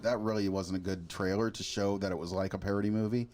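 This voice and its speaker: A man hosting a casual podcast chat, relaxed, laughing easily and repeating himself as he talks. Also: on the low side, fast talker. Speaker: podcast host.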